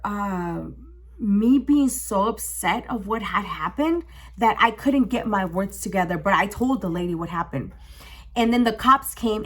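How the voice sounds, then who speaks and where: A young woman telling a storytime on her vlog, emotional and animated, swearing freely. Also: medium pitch. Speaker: vlogger. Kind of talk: casual storytime.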